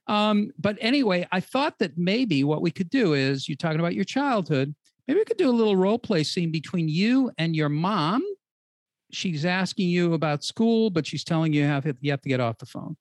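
A woman hosting a talk show, earnest and encouraging, with some halting restarts. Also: on the low side, lively intonation, no echo, studio quality. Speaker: host.

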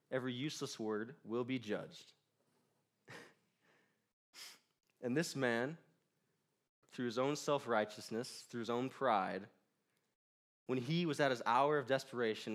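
A man's voice: mid-range voice, fairly bright tone. A young man preaching a casual, joking sermon in a church, laughing often between lines. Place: church in front of a crowd.

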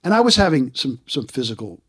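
A man in his sixties, a guest in an interview, telling stories in a casual, animated way and acting out the voices he quotes. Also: medium pitch, fairly quick, husky. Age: 60s.

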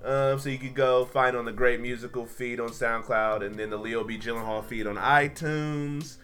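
A man's voice: medium pitch, fairly even intonation, normal speed, fairly bright tone. Blunt, opinionated male podcast host. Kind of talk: casual chat.

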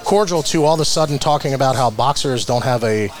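A man's voice: fast talker, soft background music. A middle-aged man from New Jersey, a guest telling stories in a casual interview, acting out quotes with big jumps in his voice. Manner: animated storyteller, acts out quotes with big pitch jumps. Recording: noisy room recording.

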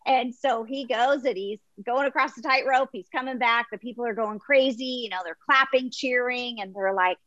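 A woman guest on a faith interview, telling an illustration with lively voices for the crowd. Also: on the high side, normal speed, hardly any pauses, no room sound, muffled recording. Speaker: guest author.

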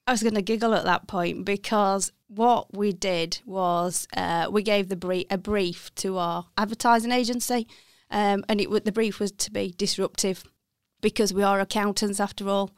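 This interview guest, a middle-aged accounting firm partner with a Birmingham accent from the West Midlands, England, has a clean, medium-pitched voice with fairly even intonation and a normal pace. She chats reflectively and openly, correcting herself partway through sentences and laughing quietly. The audio is dry and studio quality.

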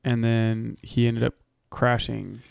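A man co-hosting a casual podcast, chatting in a relaxed way and hedging his points. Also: medium pitch, slow pace, gravelly, clear, resonant tone, no room sound. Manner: relaxed, hedging, talks over others. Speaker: podcast co-host. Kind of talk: casual chat. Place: podcast studio.

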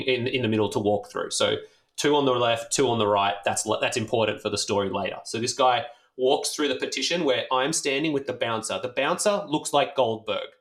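An Australian man telling a rambling, animated story in casual chat, swearing freely and leaning on fillers. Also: mid-range voice. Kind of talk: casual anecdote.

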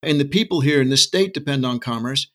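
A man's voice: medium pitch, brisk, fairly bright tone. Passionate middle-aged man arguing a point. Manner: passionate, argumentative, uses asides and rhetorical questions. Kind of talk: casual interview talk. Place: Texas.

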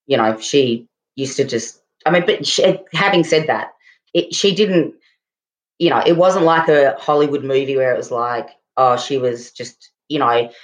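A middle-aged woman co-hosting a podcast, speaking in a halting casual way with many pauses and restarts. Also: a bass voice. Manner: halting, full of fillers and restarts. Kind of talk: casual chat.

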